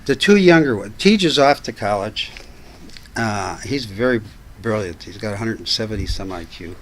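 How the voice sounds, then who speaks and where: A man's voice: lowish voice, expressive, moderate pace, fairly bright tone, slight background noise, poor audio. An older man, a guest on a talk show, telling family stories in a chatty, anecdotal way and laughing as he goes. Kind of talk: casual storytelling chat.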